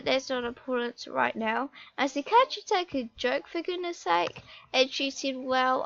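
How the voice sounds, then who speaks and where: A young female vlogger retelling a story in a rambling, halting way, often restarting her sentences. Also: high-pitched, vocal fry, a bit bright, muffled recording. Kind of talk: storytime vlog.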